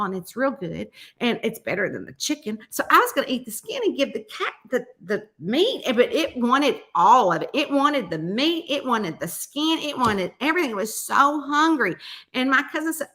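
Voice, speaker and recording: Lady gabbing away, high bright voice, real animated. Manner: chatty, animated, folksy storyteller who acts out quotes. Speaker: mystery author hosting a weekly chat. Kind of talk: casual storytelling chat.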